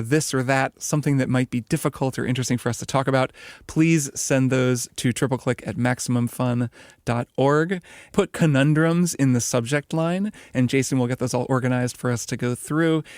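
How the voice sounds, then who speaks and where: A man's voice: mid-range voice, brisk, no room sound, clean studio sound. A man hosting a podcast, chatting casually and reading out show announcements in an upbeat way. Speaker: podcast host.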